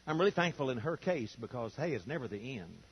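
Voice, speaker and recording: A man's voice: medium pitch, sing-song, fast talker, breathy edge. Older guy preaching, folksy storyteller, slightly muffled old tape sound. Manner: folksy storytelling, acts out quoted voices. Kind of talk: sermon.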